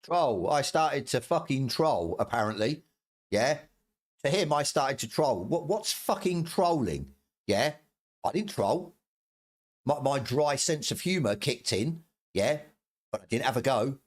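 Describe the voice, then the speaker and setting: A man's voice: medium pitch, lively intonation, a little slow. Ranting man, swearing and heated. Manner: heated, swearing, repetitive, stumbling restarts. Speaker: streamer. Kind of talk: angry ranting commentary.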